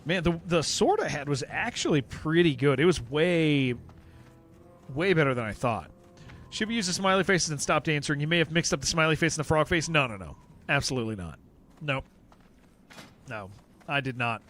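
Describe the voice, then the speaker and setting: A man's voice: on the high side, lively intonation, normal speed, pauses often, a bit bright, soft background music. A man live-streaming a game, chatting casually to viewers in a rambling way, often repeating himself and answering chat. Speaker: livestreamer playing an online game.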